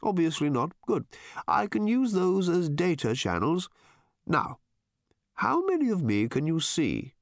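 A man voicing a fussy, chatty shape-shifting robotic bird that asks brisk, clinical questions in a light tenor. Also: a little high, wildly swooping pitch, creaky, no echo, studio quality, voice pushed up, exaggerated voice.

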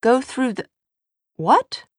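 A woman's voice: high-pitched, very animated, takes it slowly, no echo, clean studio sound, voice pushed up, full character voice. A woman voicing a startled, earnest young American woman who asks blunt, flustered questions.

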